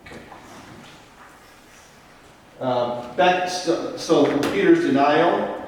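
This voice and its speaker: A parish priest leads a Bible study in a parish meeting room, explaining things casually and step by step while often checking in with "Okay?". His fairly high, expressive voice is extremely slow and darkish in tone. He sits far from the mic in an echoey room, with a little hiss or hum.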